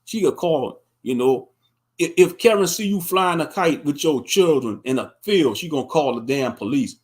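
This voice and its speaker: A man's voice: on the high side, lively intonation, moderate pace. A man hosting a late-night commentary stream, talking bluntly and profanely with lots of emphasis. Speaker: live stream host.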